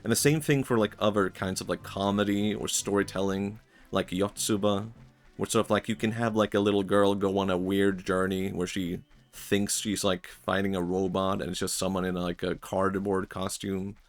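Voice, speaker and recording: A man's voice: deep voice, level tone, moderate pace, faint music behind. A young man streaming, talking in a rambling, reflective way with many fillers and frequent laughs. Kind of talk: casual stream chat.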